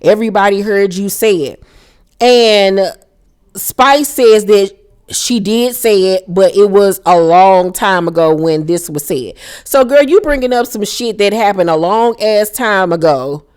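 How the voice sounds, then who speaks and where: A woman's voice: mid-range voice, expressive, slow pace, darkish tone, clear, resonant tone. A young woman casually recapping a reality show episode, blunt, profane and sassy in her commentary.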